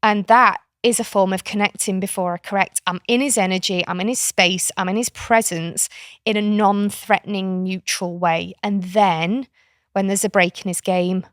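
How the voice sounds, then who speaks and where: A woman's voice: medium pitch, steady tone, normal speed, no echo, studio quality. A middle-aged British woman talking frankly and chattily as a podcast guest, explaining a parenting approach. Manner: frank, chatty explainer who slips into playful voices. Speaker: podcast guest, author and kinship carer. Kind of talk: casual podcast conversation.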